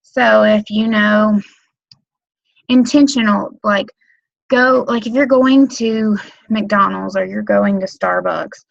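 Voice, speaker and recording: Vocal fry colors this woman's mid-range voice as she casually trains new direct sales team members on a webinar. Her talk meanders, thick with "um," "like," and "you know." Captured on a computer mic, it sounds muffled, with no room sound.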